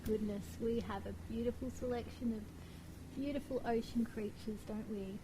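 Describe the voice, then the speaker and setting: A woman co-hosting a children's storytime, her voice sitting a little high. She gushes over everything with warm delight, with a faint hiss of noise behind her. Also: fairly even intonation, moderate pace. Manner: gushing and warm, laughing often.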